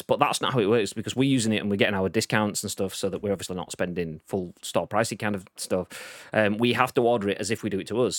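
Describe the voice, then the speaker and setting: A man's voice: on the low side, no room sound, studio quality. A man hosting a casual live-stream show, chatting loosely and reading out messages from the chat. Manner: chatty, rambling, reads chat messages aloud. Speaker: livestream show host.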